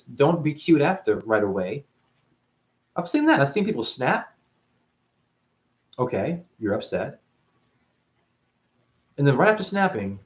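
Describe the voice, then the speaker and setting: A man's voice: medium pitch, echoey room. A man hosting a spiritual talk show, rambling through a monologue full of rhetorical questions and playful asides.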